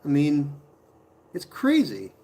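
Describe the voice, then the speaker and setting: A man's voice: fairly high pitch, wildly swooping pitch, slow, warm tone. A man chatting casually on a live stream from his pottery studio, reading viewer comments aloud, talking to viewers by name and laughing often.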